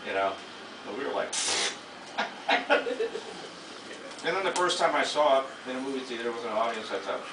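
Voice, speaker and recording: A man's voice: medium pitch, expressive, normal speed, long pauses. A man in his sixties, a guest actor at a live Q&A, rambling through anecdotes with lots of laughter and swearing. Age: 60s. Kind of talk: casual storytelling to an audience. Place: small underground venue with an audience. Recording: echoey room from far off, loud noise.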